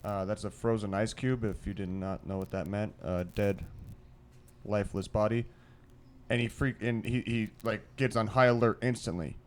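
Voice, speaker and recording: A man's voice: fairly low pitch, steady tone, normal speed. A man co-hosting a podcast in a studio, brainstorming in a rambling, profane way, full of restarts and swearing. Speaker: podcast co-host. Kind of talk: casual brainstorming chat.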